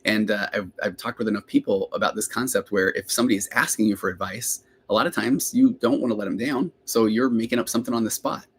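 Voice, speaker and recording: Middle-aged man, lowish voice, quick rambling therapist host on a live Q&A podcast. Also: steady tone, a bit bright, a little hiss or hum. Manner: rambling, self-interrupting, chatty.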